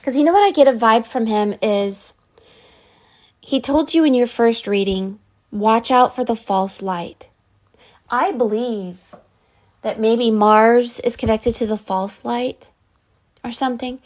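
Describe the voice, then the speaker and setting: A woman's voice: fairly high pitch, unhurried, pauses often, darkish tone. A woman giving a live psychic reading, earnest and rambling, with many fillers and restarts. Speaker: psychic reader.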